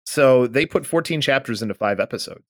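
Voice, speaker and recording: A man co-hosting a podcast, casually recapping a manga and acting out the characters' lines with lively energy. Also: mid-range voice, brisk, no room sound, clean studio sound. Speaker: podcast co-host.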